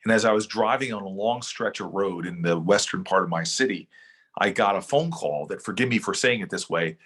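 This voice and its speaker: Middle-aged guy giving a rousing speech, low husky voice, drags out key lines then rushes. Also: fairly bright tone. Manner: oratorical, shifts between slow emphatic phrases and quick runs. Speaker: senator and keynote speaker. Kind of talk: motivational speech with a story.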